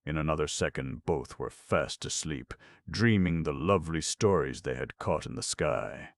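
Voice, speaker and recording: A man narrating a classic storybook in a steady, measured way. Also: a bass voice, dry recording, studio quality. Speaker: audiobook narrator. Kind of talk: scripted narration.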